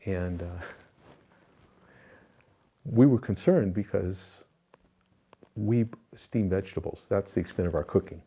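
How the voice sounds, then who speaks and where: A man's voice: low-pitched, slow pace, long pauses, slightly rough, dull audio. An older man being interviewed, recounting personal spiritual experiences in an earnest, reflective way, with many fillers and restarts. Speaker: interview guest.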